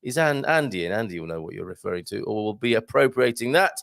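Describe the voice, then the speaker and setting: A man's voice: lowish voice, animated, fast, gravelly, fairly bright tone, no room sound, clean studio sound. A man hosting a live morning show, chatting casually and joking while reading out viewer comments. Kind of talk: casual live-stream chat.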